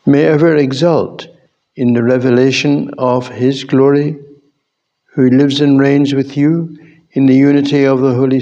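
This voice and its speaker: A man leads the prayers of a Mass as priest in a chapel, intoning slowly and solemnly. The recording sounds slightly dull and lo-fi. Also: medium pitch, a little mellow. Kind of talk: liturgical prayer.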